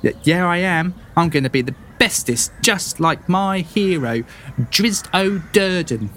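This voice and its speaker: A man voicing an excitable young farm boy who boasts about being brave. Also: a little slow, slight background noise. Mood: boastful. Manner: high, eager, stumbling boasts.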